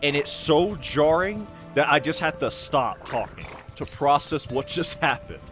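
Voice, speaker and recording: A man's voice: a little high, lively intonation, a little slow, a bit bright. Young man chatting over game music. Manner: rambling, chuckles often, answers chat. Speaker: gaming streamer. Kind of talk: casual gameplay chat.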